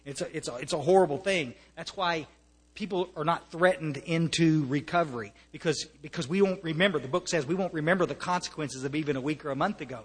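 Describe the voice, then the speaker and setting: An American man speaks earnestly to a recovery meeting, with a fairly high voice. He restarts his sentences often and slips in wry humor. His voice carries a long reverb from a meeting hall. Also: fast talker, slightly rough. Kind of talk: personal testimony to an audience.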